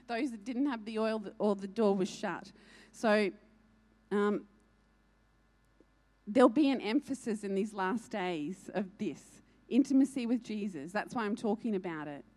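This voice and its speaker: A woman's voice: mid-range voice, normal speed, darkish tone. A woman preaching a sermon, urgent and earnest, repeating key lines for emphasis.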